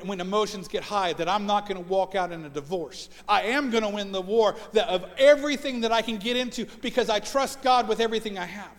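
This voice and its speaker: A man in his forties preaching a sermon as pastor, earnest and often repeating words as he builds a point. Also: high voice. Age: 40s. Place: church sanctuary. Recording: long church reverb.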